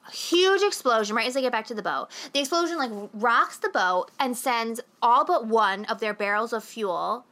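A woman's voice: fairly high pitch, lively intonation, moderate pace, hardly any pauses, bright, forceful tone. A young adult woman co-hosting a podcast, recapping a movie in a rambling, casual way full of swearing and filler words. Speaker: podcast co-host.

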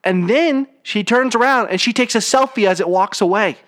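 A man hosting a podcast in casual chat, telling stories in a rambling, animated way with many restarts. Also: high voice, normal speed. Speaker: podcast host.

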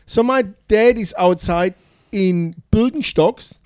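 A man's voice: high-pitched, slow pace, a little mellow, clear, resonant tone, no echo, clean studio sound. A man in a casual chat, telling rambling anecdotes and chuckling along.

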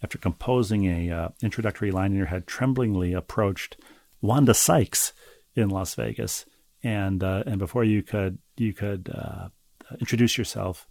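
A man co-hosting a casual podcast, reading listener mail aloud and teasing his co-host in a wry, halting way. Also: lowish voice, creaky, a little mellow, no room sound.

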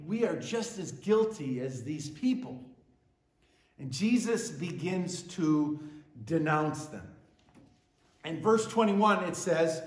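Emphatic high-voiced man preaching. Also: reverberant. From western New York. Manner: emphatic preaching, repeats phrases, swells louder on key words. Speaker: pastor. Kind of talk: sermon.

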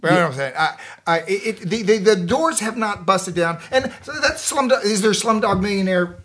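Southern guy, middle-aged, kinda high voice, punchy and repeats himself a lot. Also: lively intonation, moderate pace, a bit bright. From Florida, US. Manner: emphatic, repeats and restarts phrases. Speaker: guest, actor and martial artist. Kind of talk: casual podcast chat.

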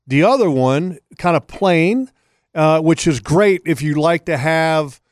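A man's voice: on the high side, expressive, takes it slowly, no room sound, studio quality. A man hosting a casual radio talk show, jokey and curious, asking his guest plain questions. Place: radio studio.

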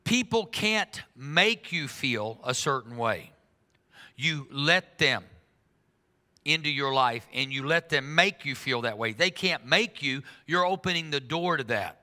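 A man preaching a sermon in an earnest way, slowing down for emphasis and speeding up for asides. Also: medium pitch, animated, pushed and bright. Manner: earnest, shifts between slow emphatic lines and quick asides. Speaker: pastor. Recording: long reverb of a large hall.

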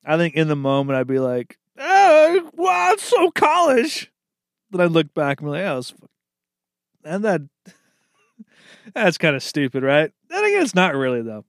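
Profane rambling young man, higher voice. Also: clear, resonant tone, no echo, studio quality. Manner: profane, rambling, calls everyone dude, laughs at own jokes. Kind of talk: comedic solo riffing.

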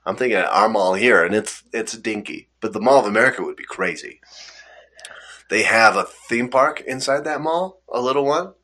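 A young man chatting casually, drifting through a long anecdote and acting out what people said along the way. His voice is fairly low but bright, and he laughs often as he talks. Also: lively intonation, moderate pace. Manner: rambling storyteller, laughs often, acts out quotes. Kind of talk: casual chat.

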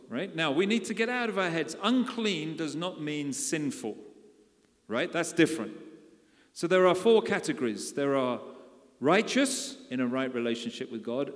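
A man preaching a sermon in a conversational way, often putting questions to his congregation. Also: on the high side. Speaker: pastor. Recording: long hall reverb.

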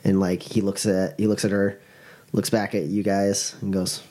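A man's voice: low-pitched, level tone, moderate pace, mellow. A man narrating as game master in a casual, loose way, full of fillers.

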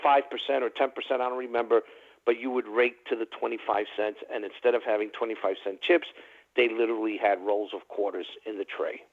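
A man's voice: on the low side, fairly even intonation, brisk. A man calling into a radio talk show, telling a long story in a rambling, chatty way with many fillers. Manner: rambling, chatty, full of "you know" fillers. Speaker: caller. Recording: tinny phone line.

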